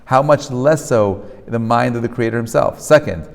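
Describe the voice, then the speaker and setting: A man teaching a class as a rabbi. He talks in an animated way, often checks with "right?", and mixes Hebrew terms into English. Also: medium pitch, normal speed, vocal fry, big-room sound. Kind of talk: lecture to a live class. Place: lecture hall with a live audience.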